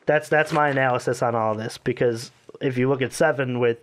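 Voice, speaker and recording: A man co-hosting a casual sports podcast, talking in a rambling, animated way and often correcting himself. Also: medium pitch, brisk. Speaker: podcast co-host.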